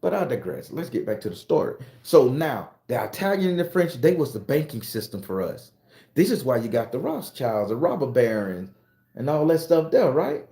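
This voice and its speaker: A man's voice: medium pitch, normal speed, echoey room. A man telling a profane, emphatic story in a casual monologue, lecturing his viewers as an online storyteller. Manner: animated, emphatic, swearing freely. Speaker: online storyteller and tarot reader.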